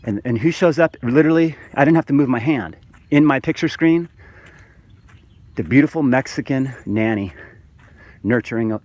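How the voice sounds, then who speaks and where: A man's voice: mid-range voice, normal speed, a little mellow. A man in a spiritual monologue to camera, fervent and preachy, rambling with restarts and calling the viewers "guys". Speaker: vlogger.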